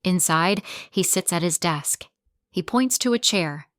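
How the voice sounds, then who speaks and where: Female narrator for a learner story: clear, deliberate, very slow, dry. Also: on the low side, expressive, fairly bright tone, no room sound. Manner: simple short sentences, clear and deliberate.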